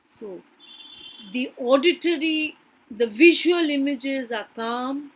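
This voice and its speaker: A woman's voice: high-pitched, slow pace, low-quality recording. A woman literature teacher lecturing a class on a poem, often stopping to check in with "yes" and "right", with some hesitant restarts.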